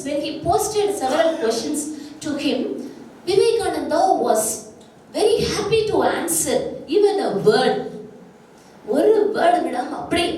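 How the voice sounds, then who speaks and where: A woman with a Tamil accent, a native Tamil speaker, gives a public lecture on literature as an English professor, in an emphatic, teacherly way that repeats key lines. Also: sits high. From Tamil Nadu, India. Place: large lecture hall at a college. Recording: echoey hall, distant mic, faint noise.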